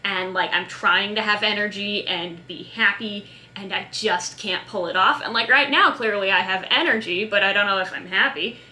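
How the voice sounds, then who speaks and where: A woman's voice: medium pitch, moderate pace, few pauses, bright, forceful tone. A young woman chatting in a scattered, self-mocking way in a casual vlog, talking to the camera while she cooks. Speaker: vlogger.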